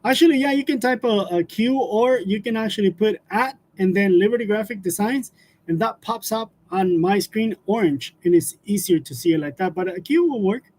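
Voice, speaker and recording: A man's voice: high voice, normal speed, darkish tone. A man hosting a casual livestream, chatting with viewers, laughing often and talking loosely with fillers. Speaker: livestream host.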